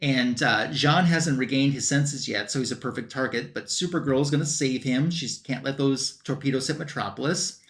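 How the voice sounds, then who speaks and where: With a medium-pitched, fairly bright voice, a man hosting a comic book review panel stream recaps a story at normal speed with few pauses. His chat is loose and rambling, packed with fillers.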